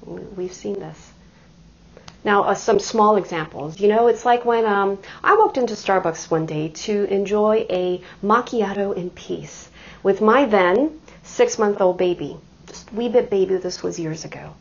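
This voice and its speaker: Husky-voiced woman preaching a sermon. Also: medium pitch, a little slow, dull audio. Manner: warm storytelling with self-deprecating humor and laughter.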